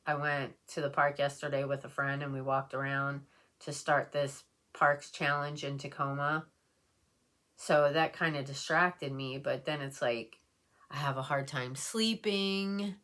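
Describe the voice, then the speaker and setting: A woman's voice: deep voice, fairly bright tone. A woman talking casually while doing her makeup, emotional and rambling, with many fillers. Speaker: beauty vlogger. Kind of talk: casual get-ready-with-me chat.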